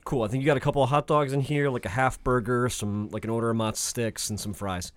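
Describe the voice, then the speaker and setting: Male player, mid-pitched, casual halting delivery, dry close sound. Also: steady tone, dry recording. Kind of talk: tabletop role-play.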